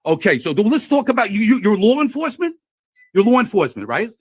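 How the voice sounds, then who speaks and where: A man filming a heated argument at a post office, talking loud and combative, repeating himself and talking over others. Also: sits high, very animated, fast, breathy edge. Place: indoors at a post office counter.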